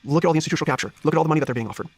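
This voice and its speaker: Male candidate, 30s, earnest and searching, quick delivery, slightly husky tone. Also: fairly high pitch, no room sound, soft background music. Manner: earnest, searching, many restarts. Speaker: political candidate, guest. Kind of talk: interview conversation.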